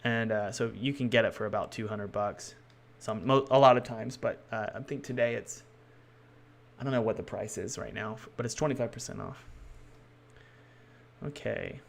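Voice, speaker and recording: Thinking aloud while he codes, this game developer talks loosely with his stream viewers and keeps revising what he says partway through. He has a fairly low, gravelly voice and speaks at a moderate pace.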